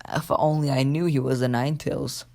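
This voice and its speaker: A man's voice: mid-range voice, steady tone, moderate pace, vocal fry, a little mellow, close to an everyday voice. A man voicing a menacing adult rogue swordsman who bargains in a casual, persuasive way. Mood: bargaining.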